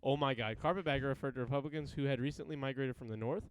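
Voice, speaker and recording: A man trading jokes on a casual podcast, laughing often between swear-laced lines. His voice is smooth and clear, recorded dry and close with little room sound. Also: mid-range voice, racing, no room sound, low-quality recording. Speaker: podcast co-host. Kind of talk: casual chat.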